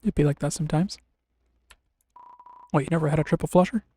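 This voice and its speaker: A man's voice: fairly high pitch, a little fast, slight background noise. Dry-voiced man, sarcastic stream commentary. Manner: wry, sarcastic asides; relaxed, rambling with fillers. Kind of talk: live gameplay commentary. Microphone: desk mic on a streaming setup.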